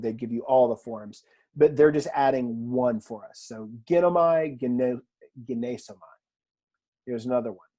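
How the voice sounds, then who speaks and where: A man teaching a recorded online language lesson in a relaxed, chatty way, with fillers and asides, from a room at home. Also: mid-range voice. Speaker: Greek teacher.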